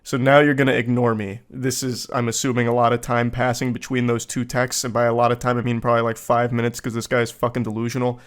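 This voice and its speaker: A man giving comedic commentary on screenshots of text messages, deadpan with dry sarcasm. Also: medium pitch, quick pace, few pauses. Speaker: online commentator.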